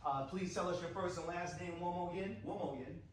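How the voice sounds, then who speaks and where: A man running a team-building exercise, coaching in an upbeat, repetitive way. His voice sits high and is picked up from a distance in a roomy hall. Faint room ambience runs underneath. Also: fairly quick, slight background noise. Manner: coaching, encouraging, repeats phrases. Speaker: workshop facilitator. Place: large indoor workshop room. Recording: echoey room mic from far off.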